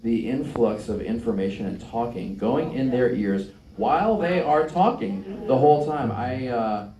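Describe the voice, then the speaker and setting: A man's voice: medium pitch, lively intonation, unhurried, dark tone. A man, an actor on a panel, talking casually with many fillers and a self-deprecating tone. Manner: rambling, self-deprecating, frequent "like". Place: event stage before an audience. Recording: roomy live room, distant mic.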